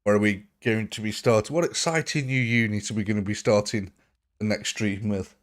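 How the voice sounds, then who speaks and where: A man's voice: fairly low pitch, brisk, no echo. A man hosting a live gaming stream, chatting playfully with viewers on a close microphone. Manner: chatty, playful, jumps between silly and serious. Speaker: livestream gaming host. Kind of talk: casual live-stream chat. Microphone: close desk microphone.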